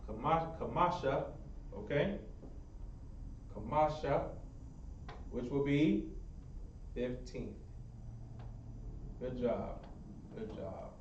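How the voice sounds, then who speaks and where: A man's voice: mid-range voice, warm tone, slight background noise. A man teaching a Hebrew language class, repeating his praise and encouraging students. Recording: echoey room, far mic, muffled.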